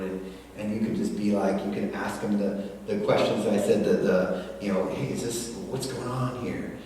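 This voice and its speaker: An older man giving a lively church workshop talk, acting out dialogue between a parent and child. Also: lowish voice. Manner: animated, acts out parent dialogue. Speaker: speaker. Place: church hall. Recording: echoey hall from far off, faint noise.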